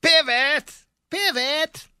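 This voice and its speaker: A man putting on a shrill, strained falsetto as a panicky man yelling orders while moving furniture. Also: drawn-out words, heavy background noise, heavily acted.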